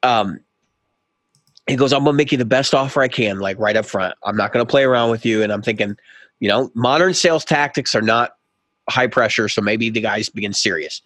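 A man's voice: medium pitch, brisk, a bit bright, no room sound. A middle-aged man co-hosting a casual podcast, animatedly acting out both sides of a conversation as he tells a story. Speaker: podcast co-host.

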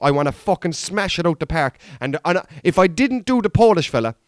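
A man's voice: high-pitched, big pitch swings, brisk, no room sound, clean studio sound. A man in his thirties with an Irish accent, a comedian talking through a candid, rambling monologue with plenty of swearing. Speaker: comedian and podcast host. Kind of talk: casual storytelling monologue.

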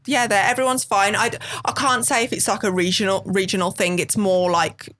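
A woman's voice: medium pitch, steady tone, fairly quick, fairly bright tone. A woman with a thick Birmingham accent, a model guest chatting casually on a podcast, laughing often and swearing freely. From England. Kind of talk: casual chat.

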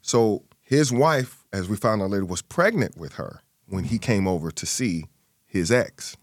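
A man's voice: unhurried, no echo, clean studio sound. A man telling a personal family story in an interview, acting out the people he quotes. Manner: animated, acts out quoted voices with big pitch jumps. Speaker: guest.

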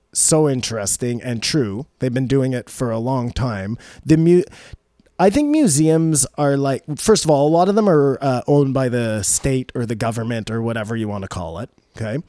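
A man's voice: medium pitch, dark tone, no room sound, studio quality. A man co-hosting a podcast, talking through ideas in a rambling, speculative way during casual discussion. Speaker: podcast co-host.

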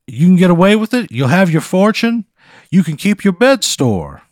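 A man voicing a goofy male time-traveling quilt with googly eyes, in a loud drawling cartoonish bluster. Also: sits high, sing-song, normal speed, dry recording, studio quality, voice pushed up. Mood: blustery.

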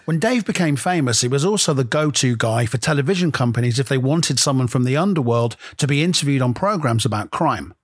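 Husky-voiced wry male narrator. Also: mid-range voice, expressive, fairly quick, hardly any pauses, no echo. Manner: dry, wry. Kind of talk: scripted narration.

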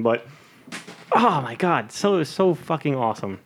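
A man's voice: sits high, lively intonation, a little fast. A young man co-hosting a casual podcast chat, rambling and laughing often as he acts out quoted lines. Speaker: podcast co-host.

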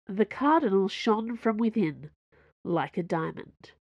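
A woman's voice: medium pitch, lively intonation, unhurried, dry recording, lo-fi sound. Woman narrating a story, dry and close. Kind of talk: audiobook narration.

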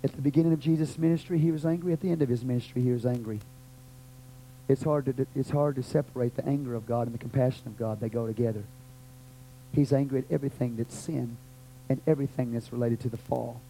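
Fervent Texan pastor preaching. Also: male voice, fairly even intonation, quick pace, slight background noise, rough recording. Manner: fervent, swings from loud cries to low murmurs. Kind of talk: sermon with prayer.

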